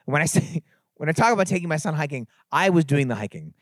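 A middle-aged man from the San Francisco Bay Area preaches to a youth crowd in an animated, conversational way. His voice sits a little high and sounds dry and close, with no room around it. He moves from relaxed storytelling into emphatic exhortation. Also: fast talker, no echo. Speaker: conference speaker. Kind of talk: sermon-style storytelling talk.

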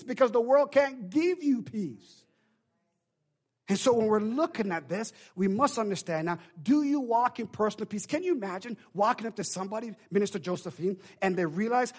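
A man preaching a sermon, calling on the congregation to answer him and building from quiet talk to loud shouting. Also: high voice, lively intonation, normal speed.

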